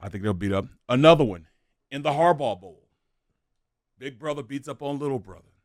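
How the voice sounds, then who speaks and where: A man raised in St. Louis, co-hosting a sports talk show in a loose, chatty way and quick to laugh. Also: mid-range voice, expressive, dry recording, studio quality. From St. Louis, USA. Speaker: sports radio co-host.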